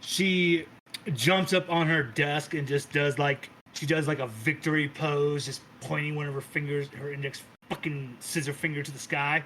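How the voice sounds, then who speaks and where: A man's voice: a little high, steady tone, moderate pace, sharp tone, a little hiss or hum, rough recording. A man narrating as game master, loose and casual, with restarts and the odd swear.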